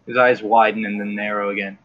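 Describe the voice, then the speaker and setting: A man with an Australian accent narrating a tabletop game as game master, pausing often with fillers as he describes scenes. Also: on the low side, flat delivery, dull audio. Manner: hesitant, with many uh fillers while describing scenes.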